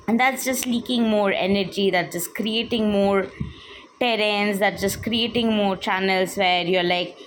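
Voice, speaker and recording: A woman's voice: medium pitch, steady tone, unhurried, slight background noise. A woman giving a spiritual teaching monologue in an explanatory, repetitive way, often using "like" and "literally".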